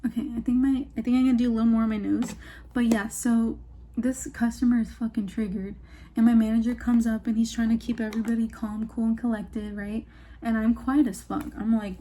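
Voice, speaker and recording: Chatty young woman, warm higher voice. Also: normal speed, slight background noise. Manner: chatty, swears freely, lots of "like"; animated retelling, acts out quotes. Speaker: beauty vlogger. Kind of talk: get-ready-with-me storytime chat.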